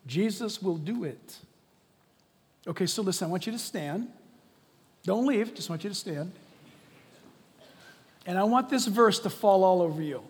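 A man preaching a sermon as pastor, swinging from shouting to hushed, quiet lines. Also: high-pitched, expressive, a little slow, long pauses. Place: church sanctuary. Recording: long reverb of a large hall.

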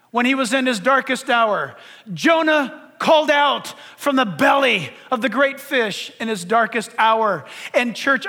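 Preacher, male, high bright voice, dramatic delivery from shouts to hushes, echoing church hall. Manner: dramatic preaching, swings between shouts and near-whispers. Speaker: pastor. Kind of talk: sermon.

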